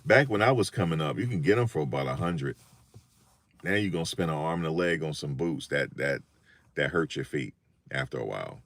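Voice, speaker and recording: An older man telling funny stories in a casual, animated monologue, often repeating himself. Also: rumbling low, a little fast, dry recording. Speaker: vlogger.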